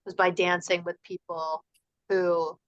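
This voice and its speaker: A woman's voice: lowish voice, level tone, unhurried, highs cut off. A woman teacher reading a children's novel aloud to students, then chatting about it. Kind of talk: storybook read-aloud to students.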